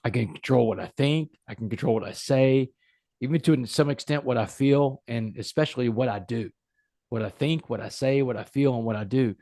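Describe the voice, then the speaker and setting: A man's voice: medium pitch, normal speed, mellow, no room sound, clean studio sound. A man, a podcast guest, telling a personal story in an earnest, emphatic way. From United States.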